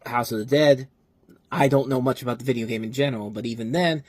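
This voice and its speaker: A man's voice: mid-range voice, fast, a little mellow, no echo. A man casually reviewing movies, rambling and often correcting himself mid-sentence. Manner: rambling, self-correcting, enthusiastic asides.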